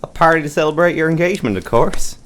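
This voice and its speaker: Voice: medium pitch, fast, a bit bright, slight background noise, natural voice. An actor playing a cheerful, sociable young American man in a radio play, coaxing his friends to a party. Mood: jovial.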